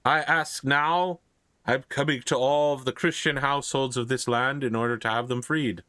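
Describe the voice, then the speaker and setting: A man's voice: medium pitch, steady tone, moderate pace, pushed and bright, no echo, close to an everyday voice. A man voicing an earnest, pious male Irish priest with an Irish accent. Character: humble male Irish priest begging for alms.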